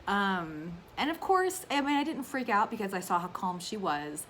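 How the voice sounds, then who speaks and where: Woman, 30s, crafting vlogger. Casual and talkative, tears up easily, mid-pitched voice, slight background noise. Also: sing-song, moderate pace, a bit bright. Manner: chatty and emotional, with frequent fillers. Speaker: cross-stitch vlogger. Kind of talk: casual chat to camera.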